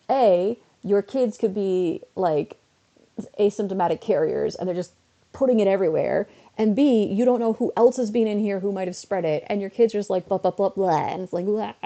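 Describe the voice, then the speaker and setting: In a casual gaming live stream from home, a woman chats and rants, tossing out exasperated asides while sounding somewhat sick. Her mid-range voice is animated and mellow with vocal fry, at a normal speed.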